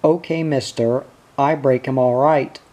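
A man's voice: mid-range voice, fairly even intonation, a little slow, mellow, close to an everyday voice. A man reading the lines of a determined young horse breaker in a storybook reading. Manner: plain, determined, a little husky.

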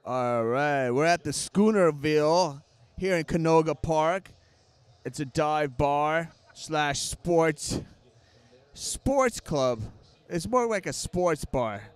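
A man opens a casual interview in a bar in a relaxed, slightly hesitant way. He speaks slowly with a smooth, clear voice that sits somewhat high. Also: no room sound. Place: sports bar.

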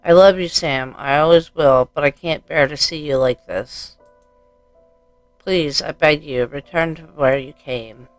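A guy doing a sad young wife in a horror game, begging softly through a door, voice nudged up a little, smooth and slow, dry close sound with faint music under it. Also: on the high side, no room sound, close to an everyday voice. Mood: pleading.

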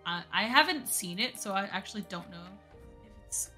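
A woman's voice: medium pitch, expressive, moderate pace, bright, forceful tone, soft background music. A woman chatting casually on a live stream, rambling with lots of fillers.

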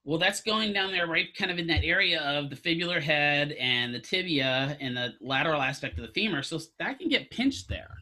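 A man's voice: fairly high pitch, lively intonation, moderate pace, few pauses, pushed and bright. A man teaching a physical therapy class, lecturing casually, quizzing students and throwing in jokes. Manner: asks students questions, casual joking asides.

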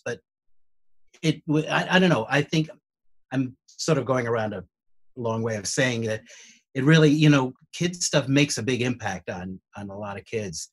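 A man, a cast member, reflecting warmly and rambling with halting restarts. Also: medium pitch, breathy edge. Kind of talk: reflective casual chat.

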